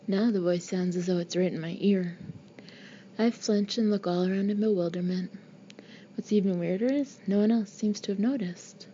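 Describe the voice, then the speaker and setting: A woman's voice: medium pitch, steady tone, normal speed, dark tone, slight background noise. A woman narrating a first-person audiobook in an intimate, often half-whispered way, on a slightly dull recording.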